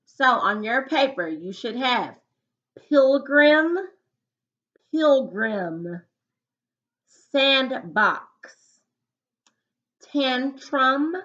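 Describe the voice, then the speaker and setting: Slow patient woman teacher, lo-fi. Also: lowish voice, pushed and bright. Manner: slow, patient dictation with example sentences. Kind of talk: recorded phonics lesson.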